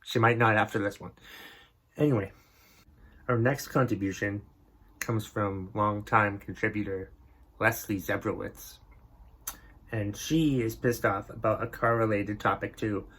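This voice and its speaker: A man's voice: lowish voice, fairly even intonation, unhurried, long pauses, a bit bright, slightly rough. A man hosting a comedy podcast, ranting in a grumpy, exasperated and profane way about things that annoy him. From northern New England. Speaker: podcast host. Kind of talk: comedic rant.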